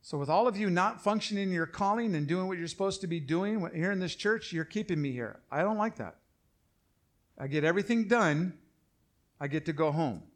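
A middle-aged man delivers a sermon from the pulpit in a somewhat raised voice for a man. He is emphatic and repetitive, often slowing down so that his main points land. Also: high voice, expressive. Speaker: pastor.

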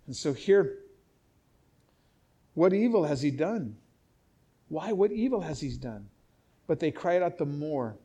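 A man's voice: on the high side, very animated, a little slow, long pauses, warm tone, breathy edge. A middle-aged man preaching a sermon, explaining scripture with emphatic, impassioned delivery and frequent restarts. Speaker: pastor.

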